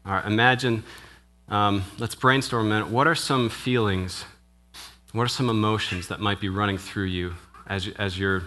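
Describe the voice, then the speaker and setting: A male minister gives a conversational sermon in a church. He draws the congregation in with questions and a steady "right?". His voice sits a little low but comes across bright and forceful. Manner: asks the congregation questions, with frequent "right?" tags; conversational, with restarts and brief laughs. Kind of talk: interactive sermon.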